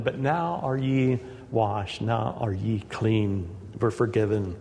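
A man preaches a sermon to his congregation, earnest and direct, climbing to emphatic peaks to drive points home. His ordinary male pitch has a darkish tone, he speaks slowly with hardly any pauses, and a long sanctuary reverb trails each phrase.

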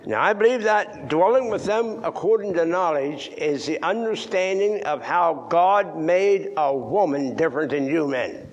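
An older man preaching in a church, moving between loud emphatic lines and hushed near-whispers. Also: fairly high pitch, lively intonation, a little slow, hardly any pauses, dull audio. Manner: old-fashioned scripture reading, repeats words for stress. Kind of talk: sermon.

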